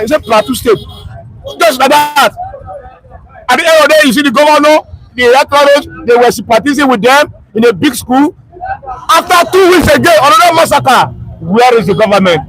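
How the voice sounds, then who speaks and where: Nigerian man, street vox pop, pidgin-tinged, impassioned, high-pitched. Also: moderate pace, a bit bright, rough recording. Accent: Nigerian Pidgin-tinged English. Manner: impassioned, repetitive, emotional. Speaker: street interviewee. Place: outdoor street.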